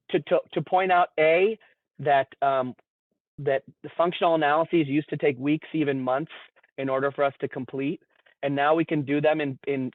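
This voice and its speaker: Over a dry, tinny line that sounds like a phone, with no room sound, a medium-pitched man explains a case as a behavior analyst. He's earnest, and he tends to repeat words when starting a new thought.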